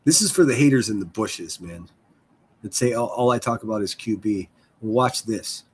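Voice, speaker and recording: A man chatting casually on his own livestream, loose and profane, often poking fun at himself. His voice has a slightly husky edge. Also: lowish voice, lively intonation, normal speed. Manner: profane, rambling, self-deprecating. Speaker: livestream host.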